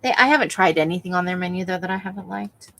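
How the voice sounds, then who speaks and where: A woman's voice: fairly low pitch, fast talker, gravelly, a bit bright, slight background noise, poor audio. A woman hosting a crafting livestream, chatting casually with viewers while she works and laughing often. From Nevada.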